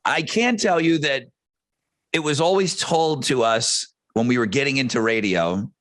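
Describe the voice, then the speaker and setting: A man's voice: moderate pace, a bit bright. A man who hosts radio, chatting casually on a podcast and acting out quotes in his stories. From United States. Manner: storytelling, acts out quotes with big pitch swings.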